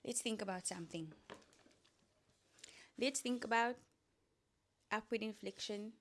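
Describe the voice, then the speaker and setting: A woman's voice: mid-range voice, measured pace, slight background noise. A woman hosting a solo podcast, giving casual, coaching talk with playful asides. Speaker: podcast host.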